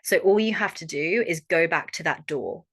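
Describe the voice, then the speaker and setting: A young Australian woman coaching a workshop audience in a frank, animated way and swearing freely. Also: lowish voice, normal speed, husky. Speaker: holistic coach. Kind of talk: online workshop talk.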